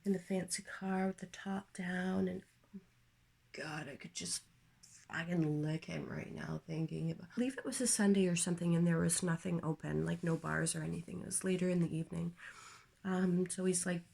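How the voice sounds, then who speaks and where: A woman ranting on her vlog in a crude, profane, candid way, with jumps to loud outbursts and whispered asides. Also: lowish voice, steady tone, normal speed, vocal fry, slightly rough. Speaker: vlogger. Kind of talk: casual comedic rant.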